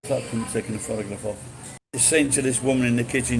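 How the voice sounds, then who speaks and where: A man's voice: medium pitch, fast talker, vocal fry, background noise. A man chatting casually, rambling and swearing, with frequent restarts. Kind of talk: casual chat.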